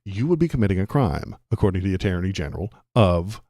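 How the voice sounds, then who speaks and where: Brief: male political streamer, low voice, dry close mic, ranty and sarcastic, laughs along with chat. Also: sing-song, fast, warm tone, no room sound. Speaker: political livestream host. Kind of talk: ranting livestream commentary.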